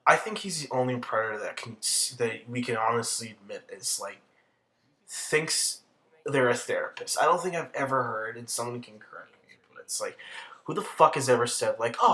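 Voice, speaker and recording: A man's voice: medium pitch, expressive, normal speed, long pauses, bright, forceful tone. A man giving a rambling, profane, exasperated commentary rant. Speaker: commentary vlogger. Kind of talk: casual ranting commentary.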